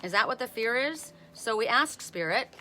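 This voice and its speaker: A woman's voice: on the high side, expressive, moderate pace, sharp tone. A woman in her fifties giving a chatty live-stream oracle card reading, talking to viewers by name and laughing often. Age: 50s.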